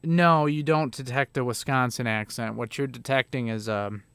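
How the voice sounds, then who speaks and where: A man's voice: medium pitch, steady tone, moderate pace, a bit bright, clear, resonant tone, no echo. A man in his thirties with a Chicago accent, chatting casually and rambling a bit with plenty of swearing as he reviews videos. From Illinois, USA. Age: 30s. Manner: rambling, profane, laid-back. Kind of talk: casual reaction chat.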